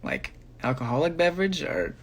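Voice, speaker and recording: A man's voice: fairly high pitch, sing-song, moderate pace. A young man, a singer, casually answering fan questions on a phone livestream, sleepy and rambling with many fillers. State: sleepy, yawning.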